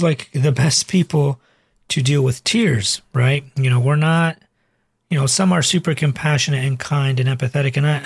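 Male doctor in his forties, rambling storyteller, husky voice, dry close sound. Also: a little high, no room sound. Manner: chatty and rambling, with many fillers and asides. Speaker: cardiologist and weight loss coach. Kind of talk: casual storytelling monologue to camera.

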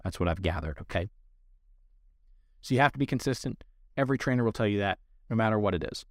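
A man's voice: fairly low pitch, expressive, quick pace, no echo, studio quality. A man who trains dogs, explaining training rules to listeners in an earnest, direct instructional way. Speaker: dog trainer. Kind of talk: instructional podcast talk.

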